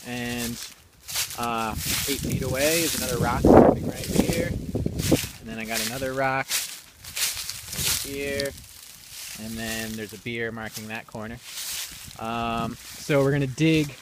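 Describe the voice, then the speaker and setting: A man's voice: mid-range voice, slow, long pauses, heavy background noise. A young man casually explaining his outdoor building project on rural land, rambling a bit with fillers, recorded on a camera mic outdoors. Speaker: DIY video maker.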